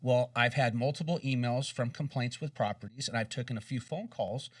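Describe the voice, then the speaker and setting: Measured man in a dry, distant recording. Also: medium pitch, no room sound. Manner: measured, emphatic, stutters on openings. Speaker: co-host. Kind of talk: casual chat. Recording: dry room, distant mic.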